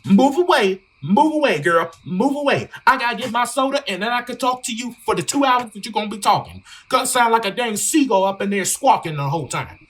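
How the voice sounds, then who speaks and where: A man putting on a high, scolding shoo-away voice. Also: lively intonation. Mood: exasperated. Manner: loud, scolding, drawn-out. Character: exasperated man shooing off a chatterbox.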